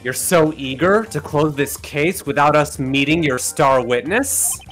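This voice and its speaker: A man's voice: on the high side, a little slow, a bit bright, faint music behind. A man reading the part of a determined young male defense attorney in a game, resolute and pressing. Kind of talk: reading a game script aloud.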